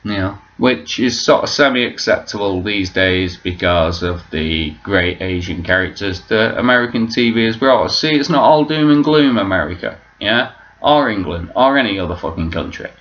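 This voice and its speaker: Low-voiced guy rambling and cursing to his camera, dull lo-fi sound. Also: animated, normal speed, a bit bright. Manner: rambling, swears freely. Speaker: vlogger. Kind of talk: casual rambling monologue. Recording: dull lo-fi recording.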